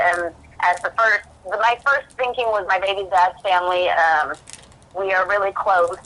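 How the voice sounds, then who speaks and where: Bright-voiced woman telling her story. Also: medium pitch, steady tone, normal speed, low-quality recording. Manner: rambling, filler-heavy, reenacts her own past thoughts in quotes. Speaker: podcast guest. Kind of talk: candid personal storytelling. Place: prison.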